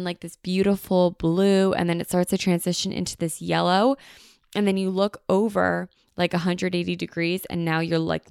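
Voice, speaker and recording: A woman's voice: fairly low pitch, gravelly, darkish tone, clear, resonant tone, no echo, clean studio sound. A young woman with an American accent, hosting a podcast in a gushing, chatty style full of "like," recorded at home in a beach town. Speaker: podcast host. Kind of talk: casual podcast monologue.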